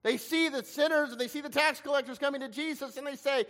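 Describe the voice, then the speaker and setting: Male preacher, very high pitch, dramatic sermon delivery, long hall reverb. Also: fast, few pauses. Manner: dramatic, acts out quoted voices with shifting loudness.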